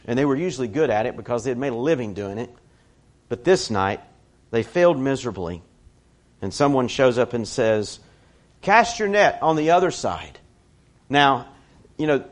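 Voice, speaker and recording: Man preaching a conversational sermon. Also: medium pitch. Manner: conversational, animated storytelling with personal asides.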